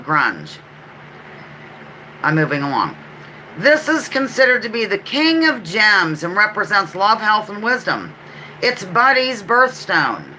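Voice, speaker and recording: Woman, Pennsylvania accent, live trivia host. Lively, animated delivery, chatty and self-correcting. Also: fairly low pitch, a little hiss or hum, poor audio. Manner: chatty, self-correcting, repeats clues slowly. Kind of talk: casual live trivia chat.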